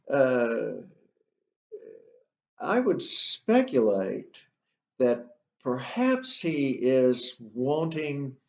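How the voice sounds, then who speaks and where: A man teaching a literature lecture, pausing often and asking the class rhetorical questions. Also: medium pitch. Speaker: literature instructor. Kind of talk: recorded lecture. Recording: echoey room, voice far from mic.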